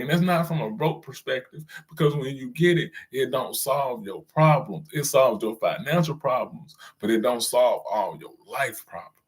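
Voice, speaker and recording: A man hosting his own channel, delivering a loose, slangy commentary rant and chuckling at his own jokes. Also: a little high.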